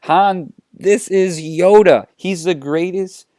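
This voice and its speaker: A stern, frustrated young princess, as a man puts her on. The voice stays close to his own, just pitched a little higher and firm. It is dry and close. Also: takes it slowly, dark tone, no echo.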